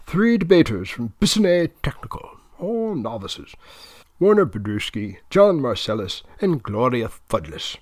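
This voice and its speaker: A man voicing a proud adult mother who coaches debate, with a lifted, bright delivery. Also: mid-range voice, big pitch swings, a little slow, dry recording, studio quality.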